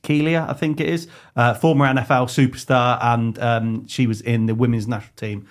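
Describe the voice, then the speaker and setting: A man's voice: medium pitch, level tone, fairly quick. A man co-hosting a podcast, steering the conversation in an easygoing way with a few "um"s. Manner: easygoing, steering the questions with fillers. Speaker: podcast host. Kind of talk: casual interview chat.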